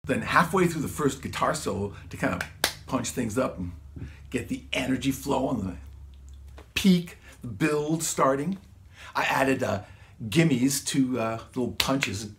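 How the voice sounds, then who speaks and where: A songwriter and guitarist gives a casual home-studio walkthrough of how he recorded his vocals, rambling and tossing in slang like "man" and "dude." His mid-range voice is expressive and a little slow, and the recording is very noisy.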